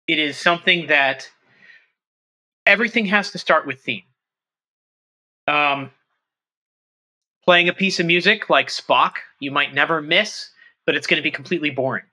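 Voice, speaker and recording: A middle-aged man, a trumpet professor, talking through his ideas in an interview, animated and thinking aloud with quick restarts. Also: fairly high pitch, rough recording. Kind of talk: conversational interview.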